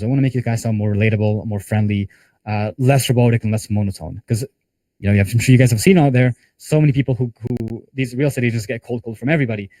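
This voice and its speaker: Fast-talking man coaching a sales team. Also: mid-range voice, dark tone, dry recording. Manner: conversational, talks with hands-on examples and casual fillers. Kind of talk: live group training call.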